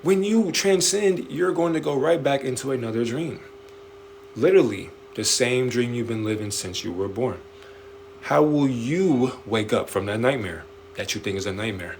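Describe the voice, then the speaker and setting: A man hosting a late-night livestream, preaching in an animated way with slangy street talk and swearing. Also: mid-range voice, normal speed, creaky, slight background noise. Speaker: livestream host answering viewer questions. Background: faint music playing in the background.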